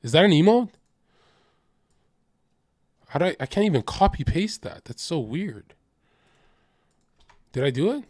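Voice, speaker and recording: A young man gives livestream reaction commentary, his voice sitting a little high and swinging widely in pitch. He jokes constantly, swears freely and leaps into loud mimicking bursts. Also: sing-song, unhurried, long pauses, husky, no echo, clean studio sound. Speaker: streamer.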